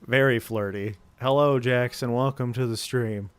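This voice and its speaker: A man's voice: medium pitch, fairly even intonation, normal speed, clean tone. A man streaming live, chatting goofily with his viewers and laughing often. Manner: goofy, laughs a lot, chats with viewers. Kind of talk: casual live-stream chat.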